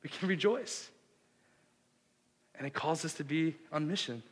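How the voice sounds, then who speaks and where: Male pastor, earnest sermon, hushed to fervent, slightly high voice, long hall reverb. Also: measured pace, breathy edge. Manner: earnest preaching that swells from hushed to impassioned. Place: church sanctuary.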